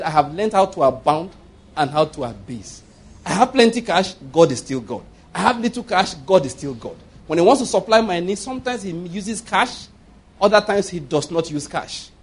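A man's voice: high-pitched, lively intonation, normal speed, husky. A man with a Nigerian accent preaching a sermon, telling humorous stories and making emphatic declarations. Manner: humorous, storytelling, laughs often. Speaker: pastor.

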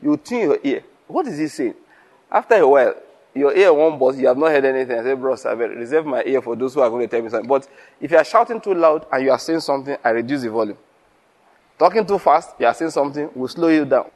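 A fast-talking man with a mid-range voice preaches to other pastors, spinning lively stories, voicing the dialogue of the people in them and laughing frequently.

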